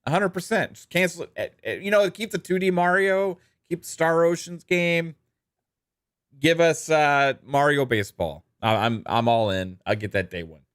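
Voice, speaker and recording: A man's voice: fairly high pitch, moderate pace, a bit bright, clear, resonant tone, no room sound, clean studio sound. A man co-hosting a gaming podcast, chatting casually and reading out viewer messages, laid-back with lots of ums and easy laughs. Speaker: podcast co-host. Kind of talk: casual podcast chat reading super chats.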